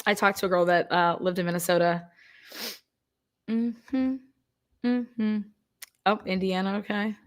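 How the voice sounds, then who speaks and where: A young woman hosting a casual livestream, chatting and reacting quickly as she reads out where viewers are from. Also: mid-range voice, steady tone. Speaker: livestream host.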